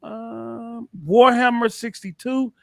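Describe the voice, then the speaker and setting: A man's voice: very high-pitched, flat delivery, slow, creaky, no room sound. A man hosting a casual gaming podcast, laughing and reading out chat names. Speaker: podcast host.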